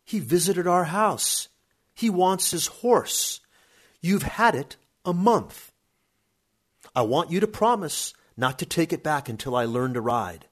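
A man's voice: fairly high pitch, lively intonation, slow pace, pitched above the performer's own voice. A man voicing a curious small boy who asks eager questions. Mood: pleading.

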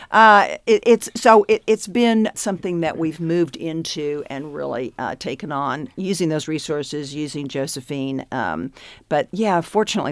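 A woman's voice: low voice, no room sound. Chatty woman actor, dry sound. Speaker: stage actor. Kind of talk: conversational interview.

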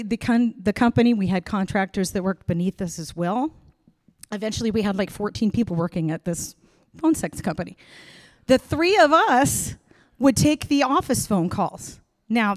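Animated middle-aged woman telling a story. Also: mid-range voice, dry recording, clean studio sound. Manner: frank, animated, acts out voices in her story. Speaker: comedian. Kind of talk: stand-up storytelling.

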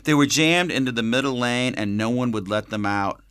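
Dude reading an audiobook, measured and a little wry, mid-pitched voice, dead dry close mic. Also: male voice, fairly bright tone, clear, resonant tone, dry recording. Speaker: audiobook narrator. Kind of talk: scripted narration.

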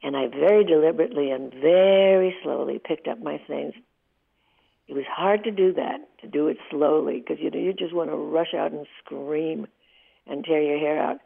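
Gravelly low-voiced woman in her eighties. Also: moderate pace. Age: 80s. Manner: heartfelt, vivid storyteller. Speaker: guest. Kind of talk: emotional storytelling in a radio interview. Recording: tinny phone line.

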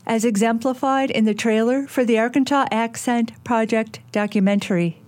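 A woman radio reporter reading scripted news narration in a measured, clear way. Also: fairly high pitch, steady tone.

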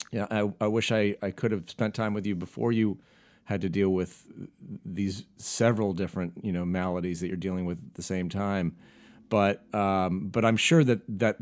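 A man co-hosting a podcast in casual conversation, reflective and halting, with many restarts. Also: lowish voice, dry recording, studio quality. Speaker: podcast co-host.

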